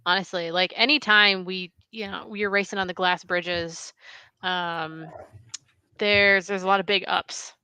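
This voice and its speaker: A woman's voice: fairly low pitch, steady tone, a little slow, bright, forceful tone, clear, resonant tone, no room sound. A woman co-hosting casual live commentary on an online cycling race, upbeat and enthusiastic with frequent fillers.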